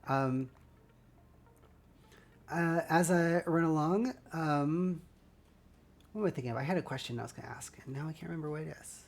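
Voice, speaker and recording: A woman streams herself putting LEGO together, chatting casually with her audience in a low, darkish voice at a moderate pace with frequent pauses. The sound is scratchy and faintly gravelly from a dry throat, and her manner rambles in a friendly way.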